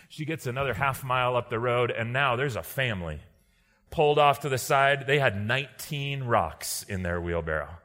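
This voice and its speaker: Bright-voiced man telling a parable. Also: lively intonation, moderate pace, in a large hall. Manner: acts out characters in a parable, drops low and quiet for them. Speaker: preacher. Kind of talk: sermon storytelling.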